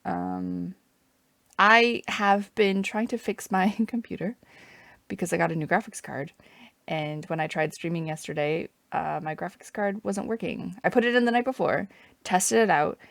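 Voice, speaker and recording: Gravelly-voiced Canadian woman streaming games. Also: lowish voice, normal speed, fairly bright tone, no room sound. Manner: chatty, rambling, wry asides. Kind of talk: casual game stream commentary.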